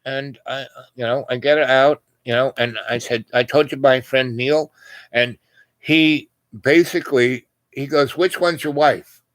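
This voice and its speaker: A man's voice: mid-range voice, fairly even intonation, measured pace, a bit bright, dry recording. An older man telling a long personal story in casual chat, meandering with lots of "you know" and restarts, and acting out other people's voices. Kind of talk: rambling personal anecdote.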